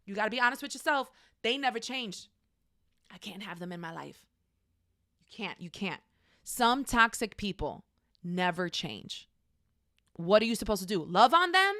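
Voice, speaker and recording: A woman leads a faith-based class, speaking frankly and talking straight to her listeners. Her voice sits at a middle pitch. The sound is dry and close. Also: very animated, moderate pace, long pauses, bright, forceful tone, no echo. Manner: conversational, frank, addresses listeners directly; acts out quoted voices. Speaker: class teacher. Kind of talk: faith-based teaching talk.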